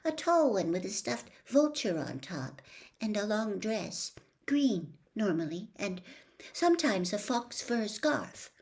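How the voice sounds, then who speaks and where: A woman voicing a nervous, timid teenage boy in a storybook, soft and hesitant. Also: medium pitch, sing-song, takes it slowly.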